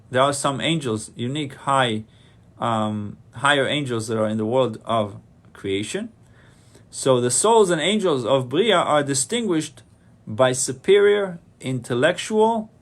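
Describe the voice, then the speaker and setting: A man teaches a Torah class as a rabbi, setting out Hebrew terms and then giving their meaning in plain words. He often goes back over a phrase to make the point land, with frequent restarts. His voice sits at an ordinary middle pitch for a man. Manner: explains Hebrew terms then translates them, repeats phrases, many restarts. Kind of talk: Torah lecture.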